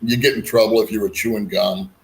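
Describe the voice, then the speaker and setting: A man's voice: lowish voice, fairly even intonation, a little fast. A man hosting a casual chat, talking in a rambling, frank way with folksy asides. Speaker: host.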